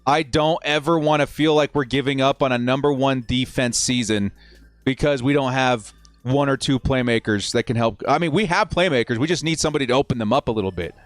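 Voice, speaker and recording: A man in his thirties hosting a live football watch party, chatting with viewers and calling plays, getting loud and fired up at big moments. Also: medium pitch, no echo, faint music behind. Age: 30s. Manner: excitable, talks fast, shouts at plays. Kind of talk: live sports watch-along commentary.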